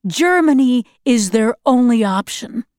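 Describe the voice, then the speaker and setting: A woman voicing a calm, determined father who explains things firmly in an audiobook. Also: a little high, unhurried, dry recording, studio quality. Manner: firm, explaining. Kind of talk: audiobook narration.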